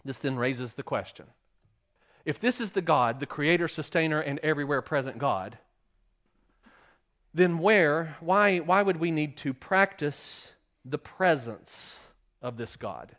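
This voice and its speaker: A man with a fairly high, expressive voice preaches unhurriedly as pastor. He asks the congregation rhetorical questions and shifts from loud emphasis to quiet, hushed lines.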